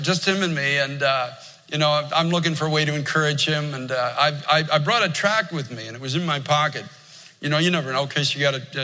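Older preacher with a sharp, bright voice. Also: male voice, fairly high pitch. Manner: earnest, storytelling preacher. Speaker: pastor. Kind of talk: sermon. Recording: long hall reverb.

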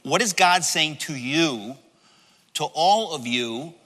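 A man preaching a sermon from the pulpit, animated and conversational, dramatizing the story with asides to the congregation. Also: a little high, slow. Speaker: pastor. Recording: long hall reverb.

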